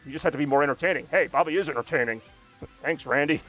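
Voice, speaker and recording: A man's voice: on the high side, fast, fairly bright tone, faint music behind. A man streaming a racing game, chatting casually with a rambling, self-deprecating, joking manner. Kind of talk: casual live-stream chat while playing.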